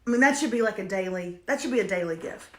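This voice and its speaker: A woman's voice: mid-range voice, expressive, fast talker. A woman hosting a casual show reviewing streaming series, reading viewer comments aloud and hammering her points home by repeating them. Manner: emphatic, repeats lines for comic effect. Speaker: host reviewing streaming shows. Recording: echoey room.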